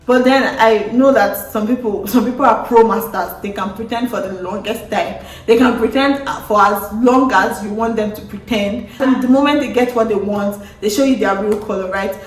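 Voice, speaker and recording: A young woman vlogger telling a story to camera in a casual, animated way, often acting out what was said. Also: mid-range voice, moderate pace, few pauses, distant mic. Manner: animated, acts out quotes with wailing and laughter. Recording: roomy sound from off-mic.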